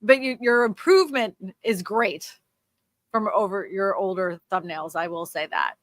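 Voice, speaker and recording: A woman's voice: mid-range voice, no echo. A woman co-hosting a livestream, giving direct, casual coaching feedback on video thumbnails. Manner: direct coaching, quick asides.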